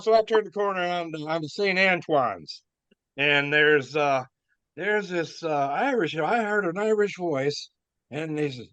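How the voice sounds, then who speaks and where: A man's voice: a little high, lively intonation, moderate pace, a bit bright, no room sound. An older man, a former wrestler, telling rambling stories with chuckles, fillers and restarts. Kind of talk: rambling storytelling. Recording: dull dry lo-fi sound.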